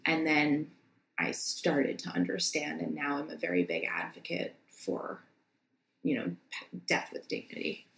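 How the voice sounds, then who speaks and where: Woman, 30s, podcast guest; low, heartfelt, halting delivery in a roomy space. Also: little pitch movement, vocal fry, fairly bright tone, slight background noise. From United States. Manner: heartfelt, halting with many restarts and "like" fillers. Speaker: podcast guest, nurse practitioner. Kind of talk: casual conversation.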